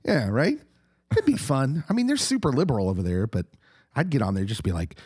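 A middle-aged man who co-hosts a podcast, talking casually while hoarse and husky from a recent illness, animated and laughing often. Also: medium pitch, a little fast, dry recording, studio quality. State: hoarse, getting over an illness. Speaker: podcast co-host, pastor.

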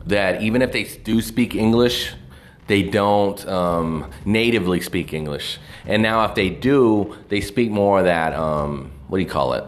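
Casual vlogger, male, low register, swears constantly and rambles with restarts; faint room noise. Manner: profane, rambling, animated. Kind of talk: casual movie review rant.

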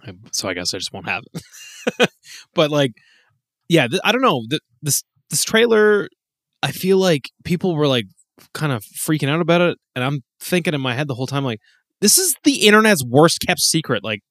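A man's voice: on the high side, very animated, normal speed, a bit bright, dry recording, studio quality. A man co-hosting a casual gaming chat, laughing often and swearing freely. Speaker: podcast co-host.

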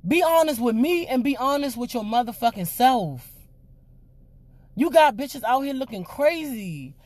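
Loud, profane woman ranting to camera. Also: high-pitched, measured pace, dry recording. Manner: loud, animated, cussing freely. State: voice giving out. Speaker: vlog host. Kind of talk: profane rant to viewers.

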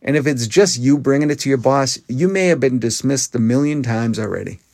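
A man's voice: medium pitch, a little fast, gravelly, darkish tone, no room sound, studio quality. A man hosting a podcast, talking in an earnest, conversational monologue that often restarts its sentences. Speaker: podcast host. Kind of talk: casual monologue.

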